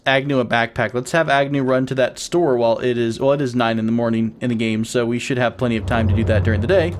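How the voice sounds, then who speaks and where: A young man giving playful, casual commentary on his game as the host of his gaming channel, laughing often with wheezing giggles. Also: mid-range voice.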